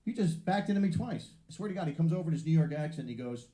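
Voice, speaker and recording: Fast-talking brash comedian on stage. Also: male voice, a little high, lively intonation, mellow. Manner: brash, profane storytelling with acted-out voices. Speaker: stand-up comedian. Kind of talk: stand-up routine. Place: theater stage before a live audience. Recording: roomy live venue sound.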